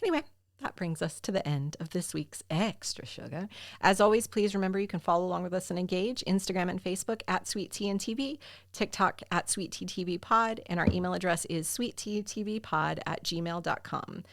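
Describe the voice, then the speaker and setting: A woman's voice: on the low side, fairly quick, no echo, clean studio sound. A woman co-hosting a podcast, chatting casually and self-deprecatingly, with lots of "like" and "um". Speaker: podcast co-host.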